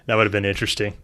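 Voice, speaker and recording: A man co-hosting a podcast in casual chat, relaxed and laughing as he steers the running order. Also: lowish voice, no echo. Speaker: podcast co-host.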